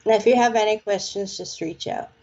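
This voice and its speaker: A woman's voice: medium pitch, a little fast, mellow, dull audio. A woman doing a casual live palm reading, chatty and playful with slangy phrases. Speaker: psychic palm reader.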